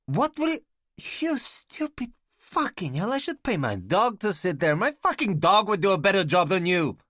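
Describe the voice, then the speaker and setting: A man voicing a volatile, foul-mouthed male boss who shouts and swears. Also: sits high, very animated, moderate pace, no echo, clean studio sound, voice pushed up, full character voice. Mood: furious. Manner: shouting, swearing, spitting insults.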